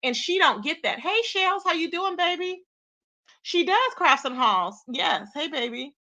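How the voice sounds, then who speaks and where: Sassy high-voiced woman streamer. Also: lively intonation, a little slow, pushed and bright. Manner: sassy, talks straight to chat viewers. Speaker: livestream host. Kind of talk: casual live-stream commentary.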